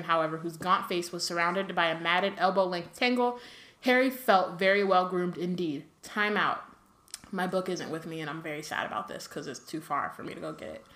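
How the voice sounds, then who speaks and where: A woman's voice: lowish voice, fairly bright tone, reverberant. A woman co-hosting a podcast, teasing her partner and reading aloud with wry asides. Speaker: podcast co-host. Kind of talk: casual chat and book reading.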